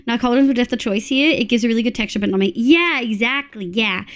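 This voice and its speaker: A young Australian woman chatting casually while live-streaming a game, excitable and swearing freely. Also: a little high, quick pace, hardly any pauses.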